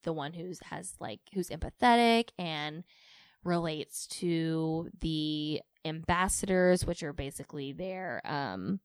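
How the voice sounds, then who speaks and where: A chatty woman in her thirties, co-hosting a podcast. Her voice sits low, and she talks loosely with many fillers. The sound is close and dry. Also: slow, clean tone, no echo. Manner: chatty, filler-heavy, with frequent likes and ums. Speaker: podcast co-host. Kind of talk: casual chat.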